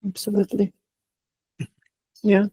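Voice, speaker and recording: A woman interviewing a yoga teacher, asking calm, measured questions. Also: medium pitch, husky, no echo.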